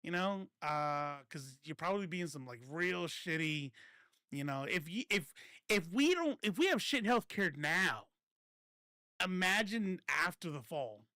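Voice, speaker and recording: A man with a fairly high voice hosts a casual political livestream, talking loosely and cursing as he goes. He often stops to correct himself and breaks into laughter. The sound is dry and close, with no room around it. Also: very animated, unhurried, bright, forceful tone, no echo. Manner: rambling, self-correcting, laughs often, swears freely. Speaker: political commentary streamer.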